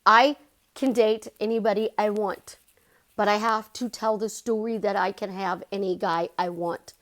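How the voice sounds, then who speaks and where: A woman life coach talking casually to her channel viewers, animated and chatty, leaping up in pitch for emphasis. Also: normal speed. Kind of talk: casual vlog monologue.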